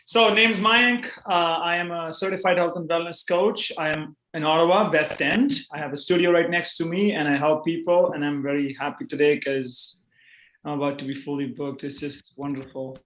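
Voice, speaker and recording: A man's voice: a little high, fairly even intonation, normal speed, a bit bright, roomy sound, rough recording. A man, a health and wellness coach, cheerfully introducing himself on a video call. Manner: cheerful, chatty.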